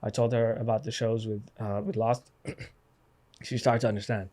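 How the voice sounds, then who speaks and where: Animated young man telling family stories. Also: lowish voice, normal speed. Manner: animated, acts out his parents' voices. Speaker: guest comedian. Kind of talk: casual podcast storytelling.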